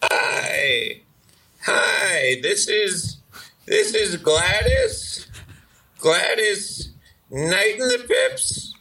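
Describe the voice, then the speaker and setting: A man voicing an older woman who leaves a tearful, wailing voicemail, shouting and sobbing as she talks. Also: sits high, big pitch swings, extremely slow, distant mic, full character voice. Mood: overwrought. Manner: wailing, overwrought, shouting while crying. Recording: voicemail heard from afar.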